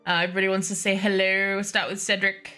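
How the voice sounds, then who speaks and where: A woman game master on a live stream, chatty and quick to giggle between stretches of scene narration. Her voice is bright and clear, at a medium pitch. Faint music plays behind her. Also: completely flat delivery. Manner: chatty, giggly, scattered asides.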